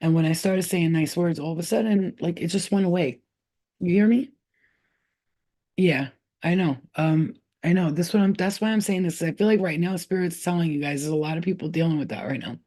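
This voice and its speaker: A woman giving a casual spiritual reading to her viewers, animated and excitable, swearing freely and repeating herself as she talks. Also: on the low side, brisk. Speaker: spiritual reader.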